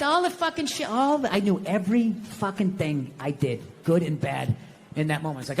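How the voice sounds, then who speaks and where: A middle-aged man performing a stand-up comedy routine, sarcastic and profane, animated as he slips in and out of quoted voices. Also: high-pitched, normal speed, vocal fry, long reverb tail. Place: comedy stage before an audience. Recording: noisy live comedy stage with crowd.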